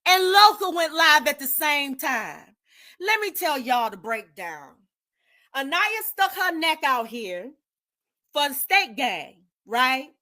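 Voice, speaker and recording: A woman's voice: high voice, bright, forceful tone. A woman giving indignant live commentary, repeating herself for emphasis and lecturing her viewers. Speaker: commentary streamer.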